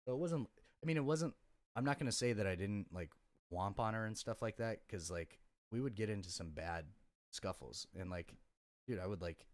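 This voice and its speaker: A man's voice: fairly low pitch, animated, moderate pace, dry recording. A young man in casual podcast conversation, telling his story bluntly with lots of profanity and fillers. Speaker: podcast guest.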